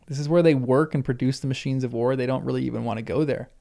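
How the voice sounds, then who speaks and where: A man's voice: mid-range voice, steady tone, fast talker, gravelly, warm tone. A man reading a novel aloud for the first time, breaking off for chatty asides and correcting his own slips. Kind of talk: reading aloud with casual commentary.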